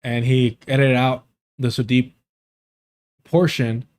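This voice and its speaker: A man's voice: medium pitch, little pitch movement, slow pace, darkish tone. A man hosting a live stream in casual, rambling chat, laughing often and swearing freely.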